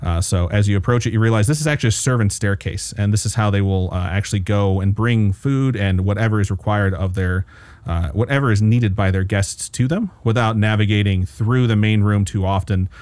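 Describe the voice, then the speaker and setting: A man narrating a tabletop game as game master, describing scenes in a relaxed way with frequent fillers. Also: fairly low pitch, brisk, no room sound.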